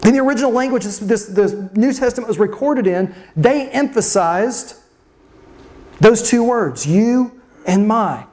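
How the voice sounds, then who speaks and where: Expressive preacher giving a sermon. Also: mid-range voice. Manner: expressive, with dramatic slow emphasis and rhetorical questions.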